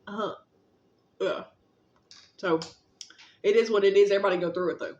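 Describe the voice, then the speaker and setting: A woman's voice: mid-range voice, steady tone, normal speed. Laid-back woman giving a rambling spiritual pep talk. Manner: laid-back, rambling, frequent fillers, casual swearing; gently encouraging, affectionate. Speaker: spiritual vlogger. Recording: roomy, slightly dull recording.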